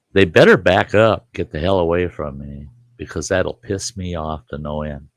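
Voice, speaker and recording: A man's voice: low-pitched, fairly even intonation, measured pace, dry recording. A man in his sixties hosting a live stream, talking in a rambling, emphatic, indignant way from his home studio. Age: 60s. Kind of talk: casual monologue.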